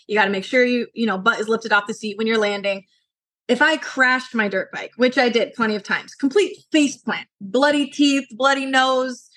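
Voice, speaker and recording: A young adult woman from Colorado, a podcast guest, talking earnestly and telling animated stories with lots of fillers. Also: a little high. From Colorado, USA. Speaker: podcast guest, martial arts instructor. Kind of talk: casual interview talk.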